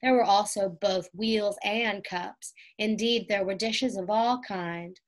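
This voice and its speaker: A woman's voice: medium pitch, slow. Woman reading a children's story aloud. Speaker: reader. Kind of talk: storybook read-aloud narration.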